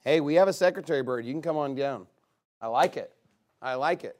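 A man leading a guessing game with a live group, reading out a long list in a chatty, upbeat way with quick asides. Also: a little high, darkish tone.

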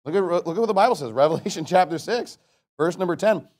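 A man with a notably high voice preaches a blunt, fiery sermon. He swings between loud emphasis and quiet asides, and slows to a solemn cadence when reading scripture. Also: expressive. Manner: reads scripture in slow, solemn tones. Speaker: pastor.

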